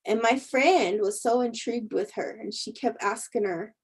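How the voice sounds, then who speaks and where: Laughing frequently, a woman who works as a spiritual teacher and intuitive healer tells stories in a relaxed livestream chat. Her fairly high voice is slightly rough and moves at a normal speed, captured in a low-quality recording.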